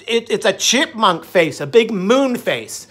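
There's a sing-song quality to this man's high, slightly bright voice, and he takes his time. He's a middle-aged vlogger addressing the camera in a loose, cheerful ramble, breaking into song from time to time.

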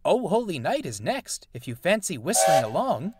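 A man's voice: on the high side, very animated, moderate pace, a little mellow, husky, pitched above the performer's own voice. A man voicing an eager male engine who speaks in a chirpy, upbeat way.

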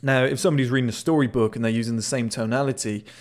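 A man's voice: medium pitch, steady tone, rapid-fire. A man casually commenting on a video clip, chatty and swearing now and then, often repeating words as he restarts. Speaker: body language analyst.

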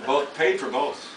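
A man in his sixties, a guest actor at a live Q&A, rambling through anecdotes with lots of laughter and swearing. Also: fairly high pitch. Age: 60s. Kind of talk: casual storytelling to an audience. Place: small underground venue with an audience. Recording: echoey room from far off, loud noise.

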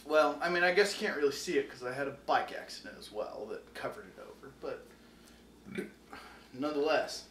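A man's voice: on the high side, animated, a little fast, a bit bright, recorded from a distance, slight background noise. A tipsy young man hosting, reading a book aloud with crude, joking, rambling asides. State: tipsy from whiskey. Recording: roomy, off-mic, faint music.

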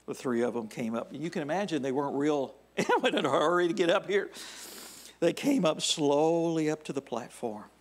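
A male pastor preaching a sermon in a church, deliberate and measured, often dropping his voice to a near whisper at the end of phrases. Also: a little high, lively intonation. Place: church sanctuary.

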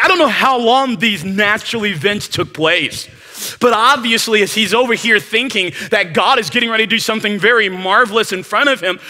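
A man delivers a revival sermon with a high, bright, keen voice. He grows animated and acts out the scripture scenes in quoted voices. The recording has the long reverb of a church sanctuary. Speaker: preacher.

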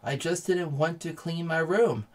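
A man's voice: sits high, animated, a little slow, pitched above the performer's own voice. A man doing Jeremy, a shy little canary. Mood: sheepish. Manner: small, quiet voice.

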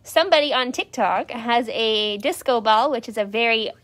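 Woman, high voice, cheerful, shelter host, casual live-stream chat. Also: moderate pace, fairly bright tone. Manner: cheerful, explains to viewers. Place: indoor cat shelter room.

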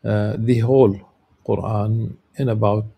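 A man giving a lecture, reading a religious text and explaining it in a halting way, with many filler sounds and restarts. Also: lowish voice, steady tone, vocal fry, husky, lo-fi sound.

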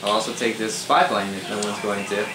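A young man giving casual live commentary over his own multiplayer matches, swearing freely, quick to get angry and laughing at his own mishaps. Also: fairly low pitch, fairly even intonation, noisy background. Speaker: gamer doing live commentary. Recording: roomy echo with faint ambience.

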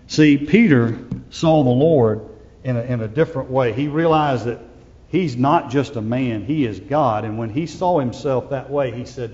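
A male pastor preaching a sermon, swinging from loud proclamation to hushed, intimate asides. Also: mid-range voice, a little slow, big-room sound, lo-fi sound.

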